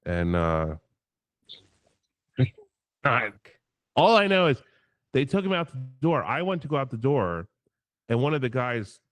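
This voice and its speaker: A man telling a story on a casual livestream, animated and profane, acting out the quotes in his tale. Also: mid-range voice, unhurried, long pauses, dry recording. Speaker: guest.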